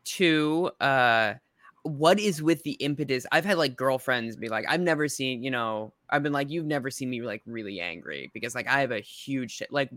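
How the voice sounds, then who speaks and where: A man's voice: mid-range voice, expressive, normal speed, a bit bright, no echo, studio quality. A man in his late thirties, a guest, in casual chat who jokes at his own expense. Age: 30s. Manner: joking, self-deprecating. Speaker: podcast guest.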